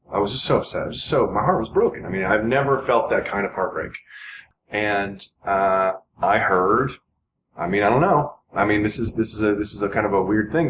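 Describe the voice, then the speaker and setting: A man in his forties with a somewhat low voice speaks as a podcast guest. His talk is earnest and rambling, with many restarts. The sound is roomy and echoey, and clear background noise runs underneath. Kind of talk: casual podcast conversation.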